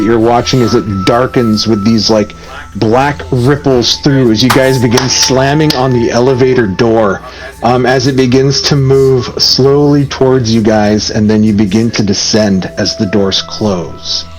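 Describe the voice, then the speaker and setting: A man narrates a tabletop horror game as game master, steady and mid-pitched, choosing his words slowly with plenty of ums. Faint music plays underneath. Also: rough recording. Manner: measured, slow, hesitant with many ums.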